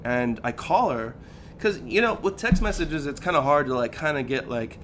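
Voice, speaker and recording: A man's voice: mid-range voice, moderate pace, a little hiss or hum. A man in his thirties, a podcast co-host, telling a personal story in casual chat and acting out the lines he quotes. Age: 30s. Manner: animated, acts out quoted lines, says "dude" and "like" a lot.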